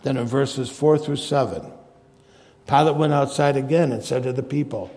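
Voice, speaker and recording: A male preacher teaching through scripture in a sermon, retelling each scene in plain words. His voice is mellow and a little gravelly. A long reverb from a large hall trails behind him. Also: medium pitch, normal speed. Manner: expository Bible teaching, paraphrasing scripture.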